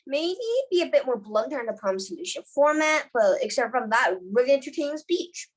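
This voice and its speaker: A woman's voice: high voice, lively intonation, fairly quick, poor audio. Woman judge in short repeated praise. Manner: short repetitive praise phrases. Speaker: speech tournament judge. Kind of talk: casual spoken feedback.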